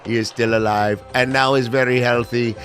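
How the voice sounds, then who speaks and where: A man putting on a solemn male official who speaks halting, broken English in a comic impression. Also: mid-range voice, fairly even intonation, fairly bright tone, faint music behind, pitched below the performer's own voice, natural voice.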